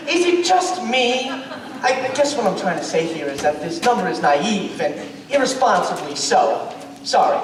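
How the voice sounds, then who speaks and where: Guy playing a rambly lonely show-tune fan, really high voice, echoey hall from way back. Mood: wry. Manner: rambling, confiding asides. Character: lonely male musical-theatre fan, chatty, wistful. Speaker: narrator character. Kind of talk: stage musical acting. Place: theatre stage. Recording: echoey hall from far off, noisy.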